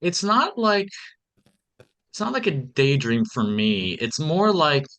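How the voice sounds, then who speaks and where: A man's voice: on the high side, big pitch swings, slow pace, a bit bright. A man speaking as a podcast guest in a casual interview, earnest and reflective, with frequent "um" and "like". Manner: earnest, reflective, many fillers.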